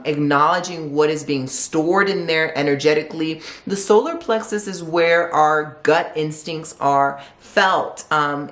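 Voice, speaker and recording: A woman's voice: sits low, roomy sound. A woman giving a tarot forecast, asking a string of reflective rhetorical questions. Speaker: tarot reader.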